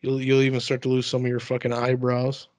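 Deadpan male co-host, monotone ribbing, dry close sound. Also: medium pitch, fairly quick, no echo. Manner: deadpan teasing, swearing. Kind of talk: casual chat.

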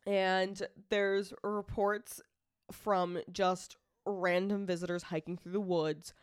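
A woman's voice: mid-range voice, level tone, takes it slowly, clear, resonant tone, no echo, clean studio sound. A young woman co-hosting a podcast in casual chat, laughing often and swearing casually. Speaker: podcast co-host.

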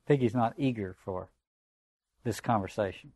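A man's voice: mid-range voice, moderate pace, dry recording. A man giving a reflective, digressive literature lecture and reading passages aloud. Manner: reflective, digressive, conversational asides.

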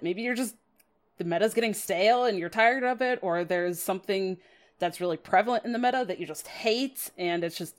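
A woman hosting a podcast, chatting casually and laughing at herself. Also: mid-range voice. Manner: chatty, self-deprecating, laughs often, dramatic quoted asides. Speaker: podcast host. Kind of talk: casual podcast talk about card game strategy.

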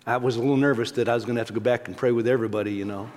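Speaking rapid-fire with medium pitch and fairly even intonation, a middle-aged pastor delivers a sermon of folksy stories, repeating words as he restarts. The church sanctuary lends a long hall reverb.

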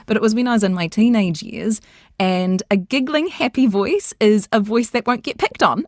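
Animated, giggly woman. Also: medium pitch, normal speed, dry recording, clean studio sound. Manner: animated, giggly, playful with impressions. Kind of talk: casual podcast chat.

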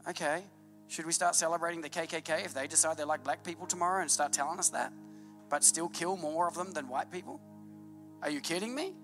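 A male pastor preaching with fervent energy, his voice pitched high and bright. He drops to hushed asides, then climbs to loud, driving peaks. Soft instrumental music plays faintly behind him. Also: animated, fairly quick. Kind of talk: sermon.

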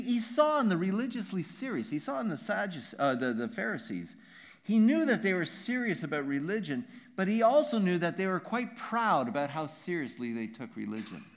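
A medium-pitched male pastor gives a lively, forceful sermon, often pausing for a quick "right?" to check in with the congregation.

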